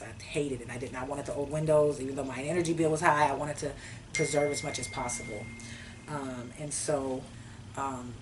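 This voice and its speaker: A woman telling a personal story in a casual, animated way, acting out her own past conversations. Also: extremely low pitch, far from the mic, background noise.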